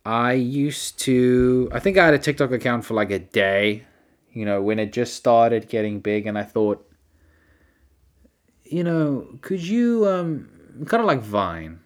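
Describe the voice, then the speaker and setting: Male solo podcaster, lively swooping pitch, rambling incredulous rants, self-deprecating. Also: a little slow. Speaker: podcast host.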